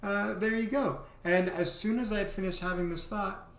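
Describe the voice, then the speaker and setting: A man's voice: high-pitched, steady tone, moderate pace, fairly bright tone. A man telling a casual story to his vlog audience, rambling with lots of filler words. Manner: rambling, heavy on "you know" fillers. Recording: roomy echo.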